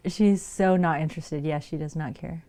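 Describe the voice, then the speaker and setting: A woman's voice: deep voice, steady tone, moderate pace, dark tone. A woman live-streaming from home in casual chat. She laughs easily and coaxes her dogs in a raised, playful voice. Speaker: livestreamer.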